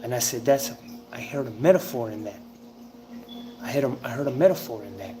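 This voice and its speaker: A man's voice: medium pitch, mellow. Emphatic man preaching in a noisy room. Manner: emphatic storytelling, drawn-out pauses, occasional swearing. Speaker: self-styled spiritual teacher. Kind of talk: informal spiritual talk to camera. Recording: noisy ambient background.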